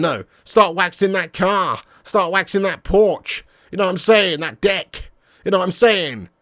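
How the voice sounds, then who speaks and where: Slangy football fan host. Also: male voice, on the high side, a bit bright, no room sound, studio quality. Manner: casual banter, slangy, swearing. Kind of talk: live-stream fan chat.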